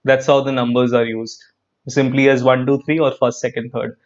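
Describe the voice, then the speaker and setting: A man with an Indian English accent teaching an online grammar class, lively and repetitive, quizzing his students as he goes. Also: mid-range voice, normal speed, highs cut off. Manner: lively, repeats phrases, quizzes students, frequent "perfect".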